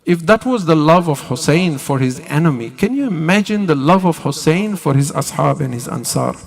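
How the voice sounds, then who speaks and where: Man preaching a mourning sermon, gravelly voice, a bit higher pitched, swells up when the story gets heavy. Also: animated, in a large hall. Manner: chants Arabic invocations in a slow, drawn-out melody; voice rises and swells with emotion when retelling the tragedy. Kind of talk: majlis sermon with chanted recitation.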